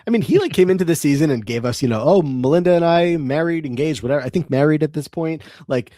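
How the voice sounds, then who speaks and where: A man co-hosting a podcast, recapping episodes in a relaxed, rambling way with many fillers. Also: a little high, fast, dry recording, studio quality. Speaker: podcast co-host. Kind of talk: casual podcast recap chat.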